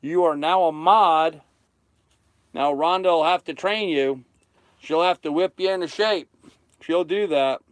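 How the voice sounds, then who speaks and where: A man's voice: a little high, unhurried, long pauses, no echo. A man in his thirties hosting a casual livestream from his sailboat, chatting and thanking viewers by name. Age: 30s. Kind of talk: casual livestream chat reading comments. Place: on a sailboat cockpit.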